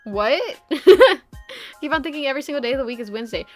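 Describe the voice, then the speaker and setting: A woman's voice: high voice, expressive, quick pace, a little mellow, soft background music. A young woman streamer chatting casually, rambling with lots of fillers and frequent giggles. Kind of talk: casual live-stream chat.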